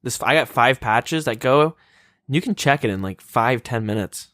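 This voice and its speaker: A man's voice: mid-range voice, lively intonation, moderate pace, fairly bright tone, no echo, studio quality. A young man co-hosting a gaming podcast, joking, swearing freely and asking questions. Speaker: podcast co-host. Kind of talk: casual gaming chat.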